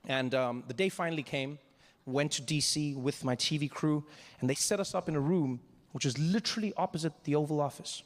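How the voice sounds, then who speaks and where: A male comedian from Africa tells a story on stage. His voice is high and his delivery is quick and animated, and it shoots up even higher in the frantic moments. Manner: animated, rising to frantic high-pitched bursts. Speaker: stand-up comedian. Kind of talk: stand-up storytelling.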